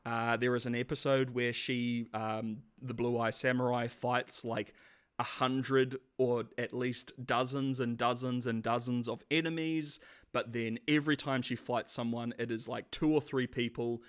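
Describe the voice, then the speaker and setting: A man's voice: medium pitch, steady tone, a little slow, clean tone. A man streaming live, chatting casually with viewers and rambling sarcastically with frequent restarts.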